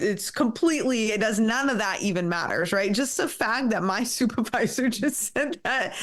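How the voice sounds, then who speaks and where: A woman's voice: mid-range voice, fairly bright tone. A woman in her thirties, a podcast guest telling stories in a blunt, candid way, swearing freely and laughing often. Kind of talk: candid interview storytelling.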